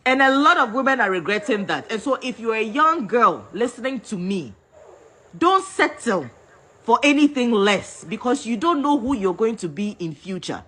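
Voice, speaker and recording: Husky, animated Ghanaian woman scolding. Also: fairly high pitch, normal speed. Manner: scolding, repetitive, switching between English and Twi. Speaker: vlogger. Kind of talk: heated rant to camera.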